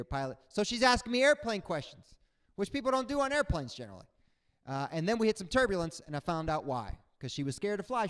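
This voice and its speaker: Male stand-up comic, high-pitched, animated delivery, handheld mic on stage. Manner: animated, acts out other people's voices. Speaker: stand-up comedian. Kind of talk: stand-up comedy set. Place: on stage before a live audience.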